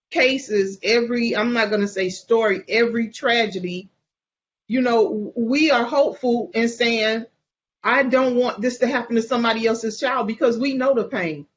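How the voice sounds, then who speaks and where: A woman's voice: a little high, muffled recording, a little hiss or hum. A bereaved mother speaking in an interview, earnest and repetitive, often restarting her sentences. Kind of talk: emotional interview testimony.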